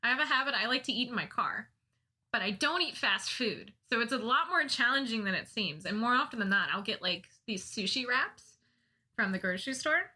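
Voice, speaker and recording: A young woman casually telling a funny personal story, often laughing at herself in a self-mocking, animated way. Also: a little high, fairly quick, slightly rough.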